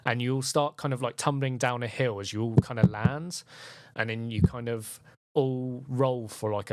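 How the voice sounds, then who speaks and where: A man's voice: mid-range voice, no echo, studio quality. A man narrating a tabletop game as game master, rambling with many fillers.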